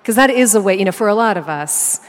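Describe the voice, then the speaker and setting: A woman interviewing an author, chatty and animated in a conversational interview. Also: medium pitch, fast talker. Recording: long reverb of a hall.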